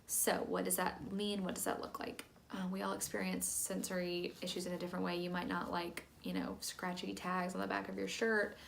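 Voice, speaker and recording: Young woman teacher, calm instructional talk, some vocal fry, faint noise underneath. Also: on the low side, a little fast, hardly any pauses. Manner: calm, plain, many "um" fillers. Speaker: teacher training church volunteers.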